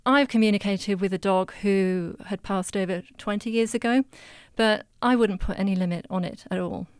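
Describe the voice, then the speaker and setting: A woman speaks calmly and earnestly, her voice smooth and clear. She sounds close and dry, with no room around her. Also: medium pitch, normal speed, dry recording. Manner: calm, earnest, explanatory. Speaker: animal communicator guest. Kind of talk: casual chat.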